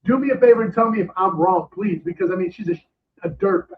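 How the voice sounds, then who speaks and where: Ranting guest on a tinny phone line. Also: male voice, sits high, quick pace, crowd noise. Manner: heated ranting, many restarts and fillers. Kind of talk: casual interview chat.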